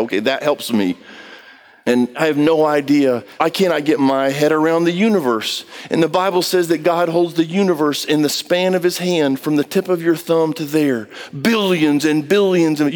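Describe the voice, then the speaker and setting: Man, preacher, high voice, impassioned sermon, pleading delivery. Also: clear, resonant tone. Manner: impassioned, pleading, swings between high and low.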